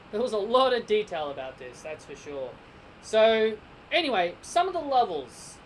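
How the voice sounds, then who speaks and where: A man's voice: high voice, fairly bright tone, a little hiss or hum, rough recording. A man with an Australian accent giving a casual spoken game review, rambling and speculating as he thinks aloud.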